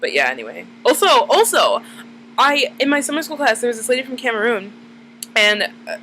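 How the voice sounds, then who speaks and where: A woman's voice: a little high, very animated, brisk, fairly bright tone, slight background noise, poor audio. A woman in her twenties, chatting casually to camera, rambling and full of "like" fillers. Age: 20s. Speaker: vlogger. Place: dim room at night.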